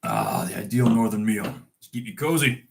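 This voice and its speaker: A man's voice: on the low side, wildly swooping pitch, normal speed, creaky. A young man hosting a live stream, reading a Scots poem aloud with stumbles and laughs, then chatting casually with viewers. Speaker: host.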